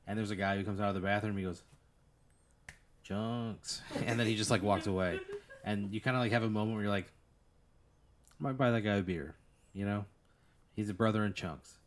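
A man with a somewhat low voice runs an improvised tabletop game. He rambles through the scene, stacking fillers and breaking into laughs as he goes. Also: level tone, a little fast. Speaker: game master. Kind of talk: narrating an improvised tabletop scenario.

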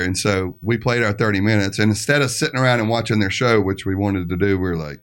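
A man's voice: lowish voice, fast, few pauses. A man telling a story as a podcast guest, acting out what other people said. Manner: animated, acts out other people's lines. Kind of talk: casual storytelling.

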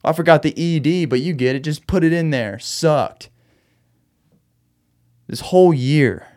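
A man's voice: on the high side, unhurried, darkish tone. Amped up guy venting on his podcast late at night, rambly, laughs while he's mad. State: agitated, wound up. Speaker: podcast host. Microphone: podcast microphone.

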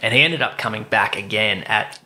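A man in his thirties chatting casually on a podcast, animated and acting out his own quotes as he tells a story. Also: fairly low pitch, brisk. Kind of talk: casual chat.

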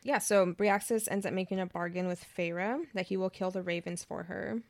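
A woman's voice: medium pitch, steady tone, moderate pace, dry recording, clean studio sound. A young woman co-hosting a casual book podcast, laid-back as she recaps the plot. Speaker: podcast co-host.

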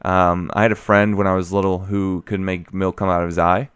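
Young man, podcast co-host, casual rambling chat, swearing, low voice. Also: little pitch movement, fairly quick, a bit bright, clean tone, no room sound, studio quality. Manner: rambling, swears freely, lots of fillers.

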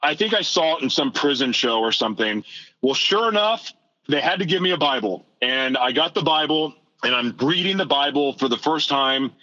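A man being interviewed, telling his life story in an animated way and acting out his own past thoughts. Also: medium pitch, moderate pace, highs cut off. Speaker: guest.

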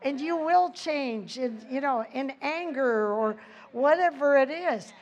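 Slow, high-voiced woman preaching. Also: dull audio. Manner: earnest, reads scripture aloud with asides and soft laughs. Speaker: Bible teacher. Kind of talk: sermon.

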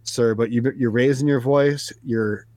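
A man's voice: mid-range voice, steady tone, a little slow, mellow, dry recording. A man making a prank phone call, hesitant and repetitive, with a falsely soothing tone. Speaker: prank caller host.

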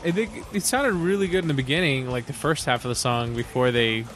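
A man's voice: mid-range voice, fairly bright tone, a little hiss or hum. A man co-hosting a casual podcast, cracking puns and giving blunt opinions. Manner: wisecracking, quick puns. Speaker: podcast co-host.

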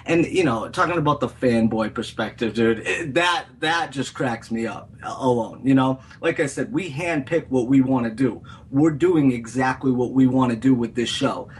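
A man's voice: mid-range voice, moderate pace, few pauses, slight background noise. A man co-hosting a podcast, talking bluntly and defiantly in casual chat. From Boston, USA. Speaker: podcast co-host.

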